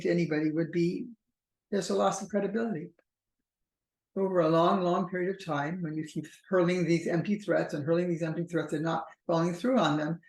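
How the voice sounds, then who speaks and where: A woman relationship therapist explaining in a measured, thoughtful way, slowing down at times and restarting her phrases. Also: lowish voice, creaky, a little mellow, reverberant, poor audio. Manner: measured and thoughtful, slow stretches with frequent restarts and fillers. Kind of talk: explanatory talk to camera.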